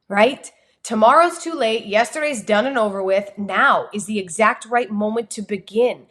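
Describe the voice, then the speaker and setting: A woman with a New Jersey accent, a communication coach giving an energetic, expressive motivational talk on a livestream. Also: mid-range voice, moderate pace. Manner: energetic, expressive, talks with her hands.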